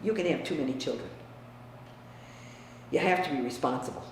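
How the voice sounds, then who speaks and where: An older woman from the US Midwest, reminiscing about her family in a frank, emphatic way that often drops quiet. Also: low-pitched, fairly quick. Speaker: interviewee. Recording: echoey room, distant mic, faint hiss.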